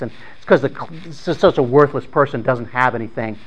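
A man's voice: mid-range voice, brisk, hardly any pauses, rough recording. A man informally retelling a story in plain, conversational words, often repeating and restarting his phrases.

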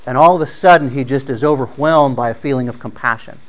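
A man's voice: medium pitch, quick pace, lo-fi sound. A man informally retelling a story in plain, conversational words, often repeating and restarting his phrases.

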